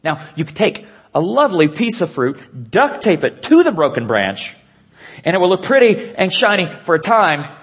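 Guy preaching a sermon, kinda raspy and a bit higher pitched, earnest, goes quiet to make a point. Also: big pitch swings. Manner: earnest preaching with hushed, slowed emphasis. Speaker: pastor.

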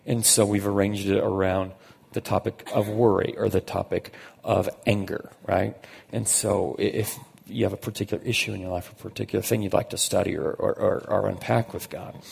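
A pastor with a fairly low, very husky voice and a heavy gravelly rasp gives a conversational sermon in a level, darkish tone. He leans on key phrases, slowing to stress them. Long reverb from a large church hall fills the sound.

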